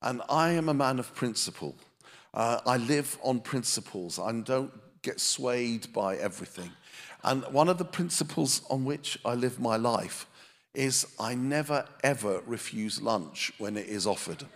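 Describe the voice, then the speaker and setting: A pastor delivers a sermon to a live church audience, his gravelly voice carrying a long reverb across the hall. He is a man who tells self-deprecating stories with sharp comic timing. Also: mid-range voice, animated, measured pace. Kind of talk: sermon with humorous storytelling.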